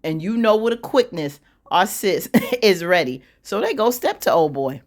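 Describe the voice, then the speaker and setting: A woman giving a casual recap of a TV episode, telling it in a sassy, slangy, animated way and laughing often. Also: medium pitch, normal speed. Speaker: YouTube TV recap host.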